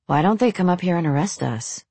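A man's voice: high voice, lively intonation, darkish tone, husky, no room sound, full character voice. A woman voicing a panicked young man out of his depth, blurting in a rush. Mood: bewildered. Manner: blurting, rushed.

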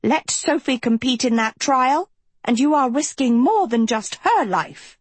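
A woman voicing a stern, commanding female evil teacher who speaks in a cold, menacing, forceful way. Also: sits high, expressive, a little slow, husky, no room sound, pitched above the performer's own voice, exaggerated voice.

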